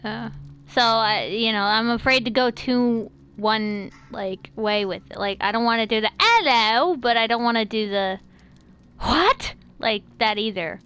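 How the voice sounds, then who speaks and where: A woman's voice: a little high, fairly even intonation, normal speed, a bit bright, smooth. An American woman hosting a casual chat, talking in loose sentences full of fillers and restarts. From United States. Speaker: host.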